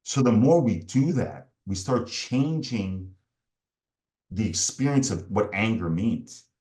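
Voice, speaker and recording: A performance coach explains his method step by step in a podcast interview, sometimes slipping into the angry inner voices of people in his story. He talks slowly in a lowish, expressive, slightly mellow voice.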